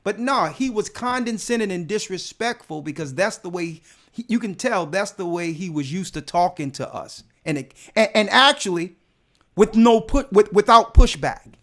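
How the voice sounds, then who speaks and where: A man's voice: high-pitched, animated, moderate pace, a bit bright. A man, a church elder, telling a personal testimony in casual speech, emphatic and often repeating words as he builds his point.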